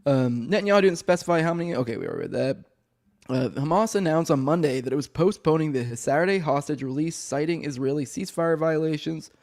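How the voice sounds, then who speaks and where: A man's voice: on the high side, quick pace, a little mellow. Choked-up man rambling through the news. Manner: rambling, many restarts and fillers, swears casually. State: choked up, voice rough. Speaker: podcast host. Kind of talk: casual news commentary, reading articles aloud.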